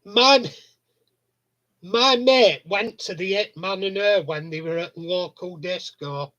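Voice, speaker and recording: A man, hosting a casual live stream chat. His voice sits high for a man, and he talks slowly. He tells rambling stories and chuckles along the way. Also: sharp tone, highs cut off.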